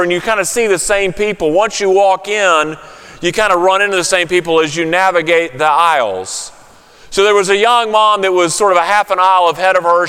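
High-voiced pastor preaching in a hall. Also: male voice, clean tone. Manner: storytelling, drops to a hushed soothing voice for comfort. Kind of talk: sermon.

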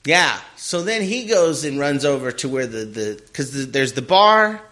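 A man's voice: mid-range voice, unhurried. A man hosting a casual podcast, telling a story with lots of swearing, laughing and acted-out voices of the people in it. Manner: animated storyteller, acts out quoted people, swears freely, laughs often. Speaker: podcast host.

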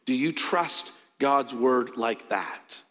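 A middle-aged male pastor preaching a sermon, earnest, with loud emphatic peaks and quiet low asides. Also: lively intonation, slow. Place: church sanctuary. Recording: long hall reverb.

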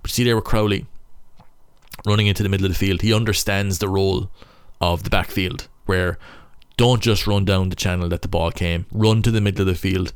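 Irish man, young, low smooth voice, stop-start casual rugby analysis. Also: steady tone, brisk, no echo, studio quality. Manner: stop-start, thinking aloud. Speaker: rugby player analysing match footage. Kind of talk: casual match breakdown commentary.

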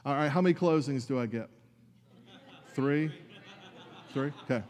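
A man's voice: mid-range voice, very fast, darkish tone, in a large hall. A man preaching a sermon as pastor, earnest and conversational, with asides to his congregation.

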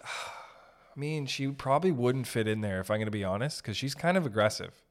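A young man hosting a podcast, rambling through a profane, animated comedic monologue. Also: medium pitch, normal speed. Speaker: podcast host.

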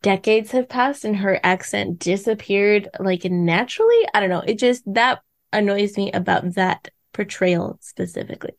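A woman's voice: mid-range voice, normal speed, hardly any pauses, dry recording. Woman, podcast host, casual chat, giggly, dry recording. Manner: chatty, giggly, lots of "like" fillers.

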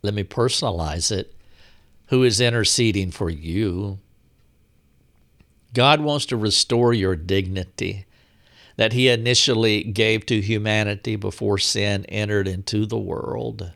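A man preaching a sermon in a slow, measured way, pausing for emphasis. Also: on the low side, creaky, fairly bright tone.

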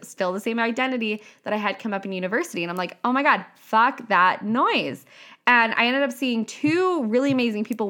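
A woman in a casual monologue as an author and coach, animated and profane, often slipping into playful quoted voices. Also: mid-range voice. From half Italian.

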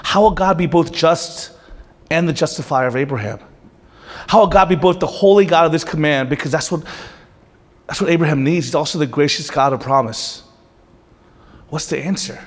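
A man preaching a sermon with impassioned rhetorical questions, at times dropping to a hushed, intense delivery. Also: fairly high pitch, normal speed, long pauses. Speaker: pastor. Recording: long hall reverb.

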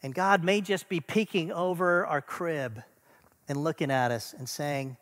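A middle-aged man preaching a sermon, earnest, building to emphatic lists and then dropping to a soft, quiet close. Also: on the high side, fairly even intonation, a little slow, long reverb tail. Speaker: pastor.

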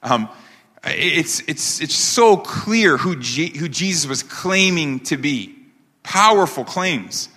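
A man preaching a sermon as pastor, emphatic, asking rhetorical questions and slowing down on key phrases. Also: on the high side, very animated, sharp tone, husky. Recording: long hall reverb.

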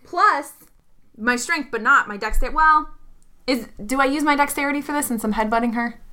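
A woman plays a tabletop game, bluntly calling out her character's moves and cursing freely. Her voice is bright and forceful, pitched a little high. She talks fast and fiery at the table. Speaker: player. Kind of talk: tabletop role-play, in and out of character.

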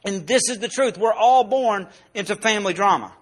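High-voiced man preaching a sermon. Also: normal speed. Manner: personal storytelling, drops soft and low in emotional parts. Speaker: pastor.

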